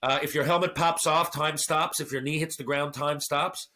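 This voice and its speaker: Profane, animated middle-aged man telling stories. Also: a little high, moderate pace. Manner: animated, profane, acts out quotes. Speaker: podcast guest, former hockey fighter. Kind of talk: casual storytelling chat.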